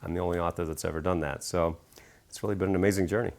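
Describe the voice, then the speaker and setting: A man's voice: steady tone, rapid-fire, darkish tone. A middle-aged man, an author and speaker, telling stories in an interview with enthusiasm and acting out quotes. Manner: enthusiastic, acts out quotes with big pitch jumps. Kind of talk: animated storytelling interview.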